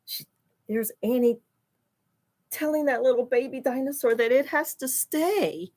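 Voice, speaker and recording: A woman with a high-pitched voice reads a picture book to children at an unhurried pace. She's animated, stopping to explain terms and gasping and exclaiming over the illustrations.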